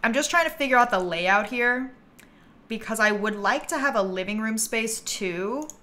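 Lively, bright-voiced woman streamer. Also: on the high side, normal speed, slight background noise. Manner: chatty, thinks aloud, bursts into giggly excitement. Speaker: livestreamer. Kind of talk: casual gameplay commentary.

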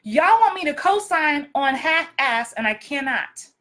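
A woman's voice: high voice, expressive, unhurried, a bit bright. A woman acting coach giving very direct, blunt advice in a frank, emphatic vlog talk. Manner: frank, emphatic, repeats for effect.

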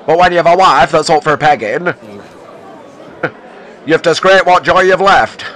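A man plays a bawdy old man hitting sixty, blunt and crude, in a comedy fan dub. His voice sits on the high side and swings widely, with a bright, forceful edge. A faint crowd murmurs behind him. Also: lively intonation, slow pace.

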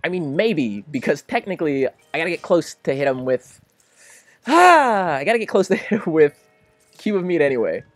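Young male gamer, animated swooping delivery, dry close mic, over-the-top reactions. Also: a little high, normal speed, no room sound, faint music behind. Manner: excitable, melodramatic, swings between pleading and laughing. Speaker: gaming commentator. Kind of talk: casual let's-play commentary.

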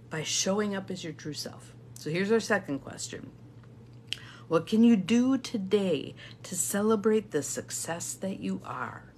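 A woman's voice: mid-range voice, a little mellow. A middle-aged woman leads a motivational coaching session. Her delivery is emphatic, and she repeats key phrases. A faint electrical hum runs beneath her voice. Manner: emphatic, repeats key phrases, reads viewer comments aloud. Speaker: intuitive guidance coach. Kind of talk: live motivational coaching talk.

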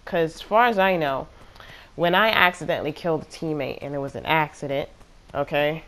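Gaming host, female, low-ish voice, chatty and rambling gameplay commentary. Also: fairly quick, fairly bright tone. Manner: chatty, exasperated, rambling with fillers.

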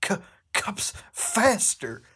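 A man voicing a shy male cartoon devil in a breathless, pleading falsetto. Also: extremely slow, pushed and bright.

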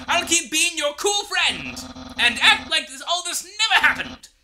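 A man voicing a boastful, excitable skeleton character, making loud theatrical proclamations while reading game dialogue. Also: very high voice, unhurried, a little hiss or hum, voice pushed up, heavily acted, rough recording. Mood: rallying.

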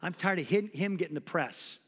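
A pastor in his forties preaches a sermon in a church sanctuary, impassioned yet conversational, acting out quotes. His voice is high and a little fast, and it carries the sound of a big room.

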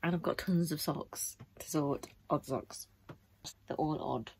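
A woman's voice: sits low, unhurried, a little mellow, slight background noise. A middle-aged woman, chatting casually and wearily to camera in her bedroom. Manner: chatty, tired, rambling. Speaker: vlogger. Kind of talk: casual vlog chat.

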